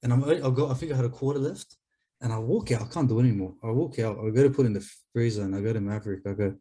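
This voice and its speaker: A man's voice: medium pitch, very fast, warm tone, slightly rough. A man on a video call, telling a rambling comic story in casual chat and acting out both sides of the dialogue. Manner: rambling, laughing storyteller who acts out dialogue. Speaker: podcast regular, storyteller.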